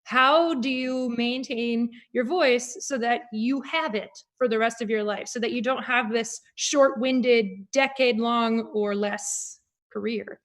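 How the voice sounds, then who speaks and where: Guest woman singer, somewhat high-pitched, animated conversational delivery. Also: a little slow. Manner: animated, reflective, with frequent fillers. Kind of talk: conversational interview.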